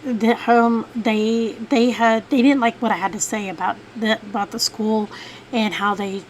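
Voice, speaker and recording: A woman's voice: a little high, fairly even intonation, a little slow, a little hiss or hum, rough recording. A woman telling a long, rambling personal story as a mother in a casual vlog, with many fillers and restarts. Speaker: vlogger, mother.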